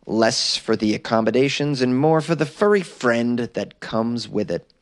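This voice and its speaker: This American comedy news podcast host has a mid-range voice with lively intonation and speaks a little slowly. Recording in a small closet, he reads offbeat stories, adds sarcastic asides, and cracks himself up.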